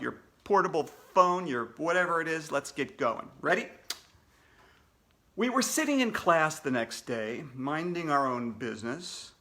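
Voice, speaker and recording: A man's voice: on the high side, sharp tone. A man, a children's author, reading his own storybook aloud to kids in a playful way with jokey asides.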